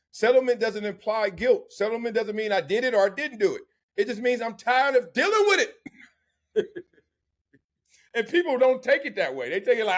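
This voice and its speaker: A man hosting a sports talk podcast, telling animated stories, acting out voices and laughing often. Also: high voice. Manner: storytelling, mimics others' voices, laughs often. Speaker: host.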